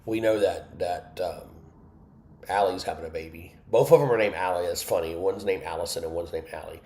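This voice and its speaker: Man, low-pitched, candid and emotional, tells his own story on a livestream in an echoey room. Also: brisk, darkish tone. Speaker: host of an online Bible study. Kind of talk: personal testimony on a livestream.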